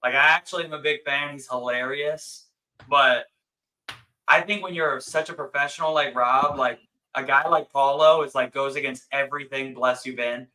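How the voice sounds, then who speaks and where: Casual co-host, man, bright forceful voice, excitable and chatty. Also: mid-range voice, poor audio. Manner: excited, talks fast with many "like"s. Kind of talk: casual podcast chat.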